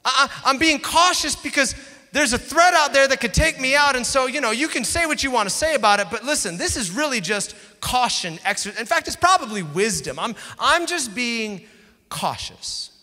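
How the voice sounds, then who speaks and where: A frightened prophet stammers out excuses in a high, strained whine, as a man acts him out. His tone is bright and tense. A long hall reverb surrounds him. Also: animated, moderate pace, heavily acted. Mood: defensive. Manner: whiny, stammering self-justification. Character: defensive, frightened male prophet making excuses. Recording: echoey hall.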